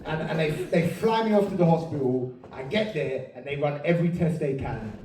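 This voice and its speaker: A man performing a stand-up comedy set, telling a story with sudden loud outbursts. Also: on the high side, animated, a little fast. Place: comedy venue stage. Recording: roomy live sound, distant, noisy.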